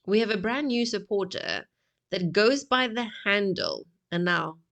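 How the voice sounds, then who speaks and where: A woman's voice: mid-range voice, expressive, unhurried, gravelly, fairly bright tone. A woman hosting a music reaction video, chatting casually to her viewers, often laughing and tripping over her words. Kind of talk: casual chat to camera.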